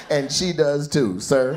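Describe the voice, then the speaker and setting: A man doing stand-up crowd work on a club stage, loud and mocking, swearing freely. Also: on the high side, very noisy. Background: laughing audience.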